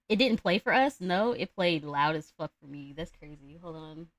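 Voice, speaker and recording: A woman's voice: low-pitched, lively intonation, normal speed, no echo. A young adult woman telling a fairy tale on a live stream, rambling, slangy and profane. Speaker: streamer and storyteller. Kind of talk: casual live-stream storytelling.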